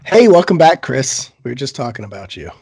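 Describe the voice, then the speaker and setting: A man with a cold and a hoarse voice, co-hosting a chat and talking bluntly, with plenty of swearing. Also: medium pitch, sing-song, fairly quick, a little mellow, dry recording. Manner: swears a lot, loose and blunt. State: sick, hoarse. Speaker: podcast co-host. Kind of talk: casual chat.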